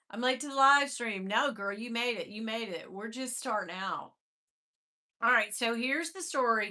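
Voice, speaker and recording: A woman's voice: a little high, takes it slowly, pushed and bright. A woman in her fifties hosting a live stream, chatting casually, greeting viewers by name and laughing often as she sets up a personal story.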